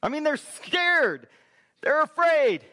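A man's voice: very high voice, big pitch swings, takes it slowly, bright, forceful tone. A man preaching a sermon to his church as pastor, emphatic and full of rhetorical questions to the congregation.

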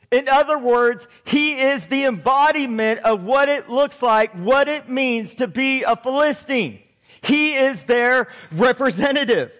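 High-voiced male pastor in a reverberant hall. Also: fairly bright tone. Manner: conversational storytelling, chuckles, direct questions to listeners. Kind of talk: sermon.

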